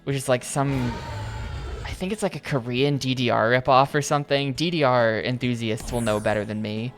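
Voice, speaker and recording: A man chatting casually over his gameplay stream, circling back and hedging with "like" and "I think" as he goes. His voice sits at a medium pitch, with soft game music running in the background. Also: moderate pace. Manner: rambling, hedging with lots of "like".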